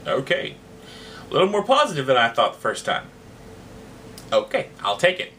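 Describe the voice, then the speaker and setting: A man's voice: mid-range voice, huge pitch swings, normal speed, bright, forceful tone, slight background noise. A man talking casually to his viewers in a vlog, chatty and slightly hesitant. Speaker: vlogger.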